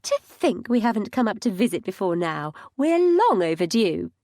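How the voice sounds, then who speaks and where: A woman voicing a bubbly, excitable older mother in an audiobook, gushing in a high, bright voice. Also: moderate pace, dry recording, studio quality, lightly acted. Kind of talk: audiobook character reading.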